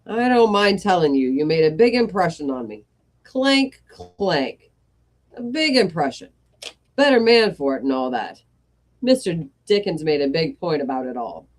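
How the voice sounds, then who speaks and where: A woman's voice: low-pitched, sing-song, normal speed, darkish tone. A woman voicing a pompous, showy old male miser who talks in a posh, blustering way.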